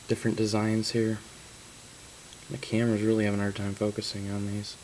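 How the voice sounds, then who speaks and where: A man's voice: on the low side, monotone, brisk, a little mellow, a little hiss or hum, low-quality recording. A man opening trading card boxes on camera, reading out card names and breaking into stunned exclamations. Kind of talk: casual card-break commentary.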